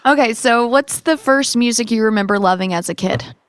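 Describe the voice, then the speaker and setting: A woman's voice: on the high side, a little fast, no room sound. A woman podcast host asking eager, curious questions. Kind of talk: casual podcast chat.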